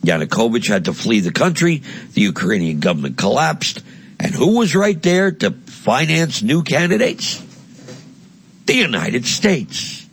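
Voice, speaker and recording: Heated, husky-voiced male commentator. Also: sing-song, a little slow, fairly bright tone. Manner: heated, blunt and crude, mocking, with sweeping pitch swings. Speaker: political commentator. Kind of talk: impassioned monologue.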